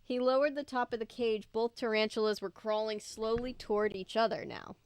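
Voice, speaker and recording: A woman's voice: on the high side, a little fast, clear, resonant tone. A woman reading a children's horror book aloud, breaking off for casual asides to her viewers. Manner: casual, chatty remarks to viewers between passages. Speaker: book reader and video host.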